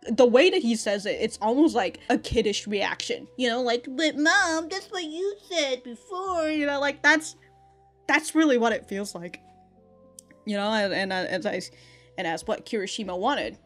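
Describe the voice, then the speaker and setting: A woman's voice: medium pitch, animated, normal speed, faint music behind. A woman hosting an anime reaction, chatting casually, laughing often and swearing as she acts out the characters' lines. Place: in Japan.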